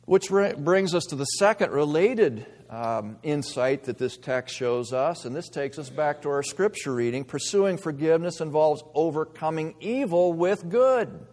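A man preaching a sermon as pastor, earnest, moving between quiet reflection and emphatic stress. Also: fairly high pitch, animated, measured pace, few pauses. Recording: long reverb of a large hall.

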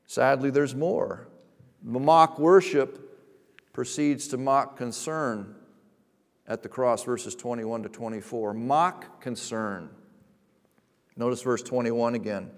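A man preaching a sermon as a pastor, emphatic, rising to loud, slowed stresses and dropping to quiet asides. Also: medium pitch. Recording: long reverb of a large hall.

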